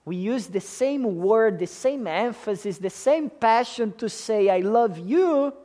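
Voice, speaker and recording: A man's voice: high voice, a little slow, darkish tone. A man preaching a sermon to a congregation in an emphatic way, often checking in with them by asking questions. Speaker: pastor.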